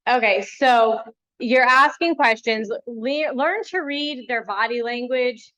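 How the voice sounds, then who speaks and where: Bright, high-voiced blunt woman coach. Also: takes it slowly. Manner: blunt, animated storytelling. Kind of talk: casual workshop talk. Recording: dull lo-fi sound.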